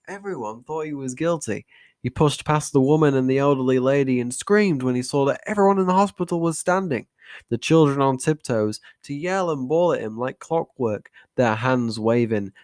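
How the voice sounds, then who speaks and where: A man's voice: mid-range voice, a little mellow. A young man reading his own story aloud in an overwrought, mock-dramatic way, with wry self-mocking asides. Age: young adult. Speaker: channel host reading his old story.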